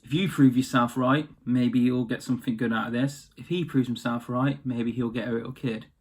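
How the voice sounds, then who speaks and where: A man's voice: mid-range voice, steady tone, brisk, husky. Casual retold-tale fairy, stern, blunt, played by a man in his own voice. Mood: instructing. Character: magical female fairy, stern but fair.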